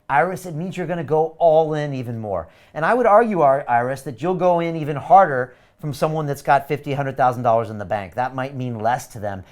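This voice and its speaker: A man with a mid-range voice hosts a live webinar sales pitch, speaking briskly with hardly any pauses. Selling a course, he pushes viewers hard to sign up, coming across as energetic, urgent, pushy, and emphatic.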